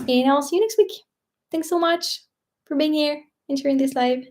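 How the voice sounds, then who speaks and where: Speaking high and at a moderate pace, with a darkish tone, a French woman with a French accent hosts a laid-back livestream. The vlogger from France meanders, hunts for the right words, and laughs a lot.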